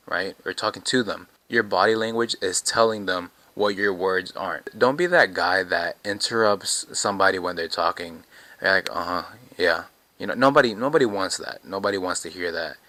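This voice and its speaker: A man's voice: fairly low pitch, pushed and bright, no echo. A man hosting a casual self-help video about communication, talking loosely with frequent "you know" and "right?" fillers. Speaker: video host teaching communication.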